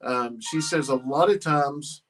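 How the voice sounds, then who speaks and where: Middle-aged man, rambling casual chat, fillers, slightly high voice. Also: a little hiss or hum. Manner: rambling, halting with many fillers. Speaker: farm channel host.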